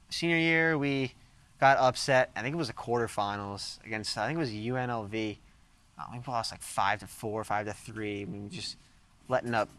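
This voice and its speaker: A man's voice: lowish voice, a bit bright, clean tone. A man in his thirties from the St. Louis area, telling hockey stories in a casual interview. He rambles with many fillers and laughs easily. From St. Louis, USA. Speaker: interview guest, hockey player.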